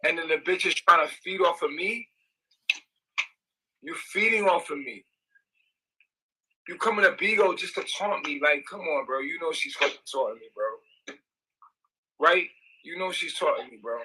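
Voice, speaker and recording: A young man rants on a livestream, repeating himself and swearing hard. His voice sits high and very bright, with a husky, breathy edge. He pleads and accuses by turns, pressing every point with emphasis. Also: a little slow, long pauses, poor audio. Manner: agitated, repetitive, profane, emphatic. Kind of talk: ranting livestream monologue.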